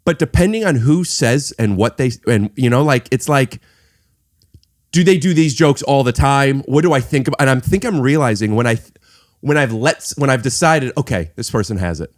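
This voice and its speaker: A man's voice: mid-range voice, normal speed, no echo, clean studio sound. A man hosting a podcast in casual chat, rambling and restarting his sentences with lots of fillers. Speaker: podcast host.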